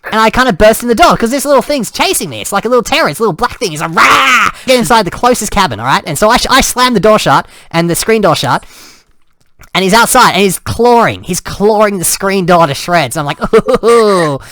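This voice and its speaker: Lively man telling a story. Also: sits high, fast talker, no echo. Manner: animated, acts out sounds and cries, restarts often. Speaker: storyteller and host. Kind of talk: casual spoken storytelling.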